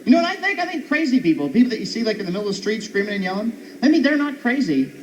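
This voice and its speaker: High, lively stand-up comic man. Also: very fast. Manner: animated, jokey, chatty asides to the crowd. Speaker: stand-up comedian. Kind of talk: stand-up routine. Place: outdoor stage. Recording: muffled live recording with background noise.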